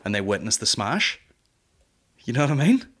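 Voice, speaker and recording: A man's voice: medium pitch, big pitch swings, moderate pace, fairly bright tone, husky. A man in his thirties hosting a comedy podcast, rambling and swearing in a boisterous casual monologue. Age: 30s. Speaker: podcast host.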